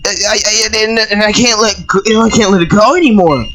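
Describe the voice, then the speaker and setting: A video commentator ranting through a show review, breaking into yelled outbursts, stammering repeats and frequent swearing. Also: medium pitch, fast, noisy background. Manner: profane and exasperated.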